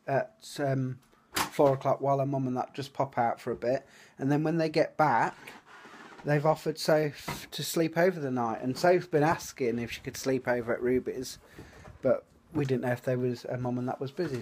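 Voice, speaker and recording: A man's voice: medium pitch, a little mellow, a little hiss or hum. A man chatting casually to his phone camera for a family vlog, rambling with trailing fillers as he moves between the house and garden. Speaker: family vlogger. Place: at home, indoors and in the garden. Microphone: phone camera held by the speaker.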